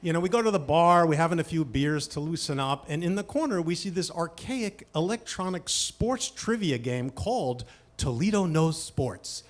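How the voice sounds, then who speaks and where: A male storyteller with a notably high voice performs a comic personal tale. He is animated and self-mocking. He drops to near-whispers and then rises to shouted punchlines. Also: moderate pace.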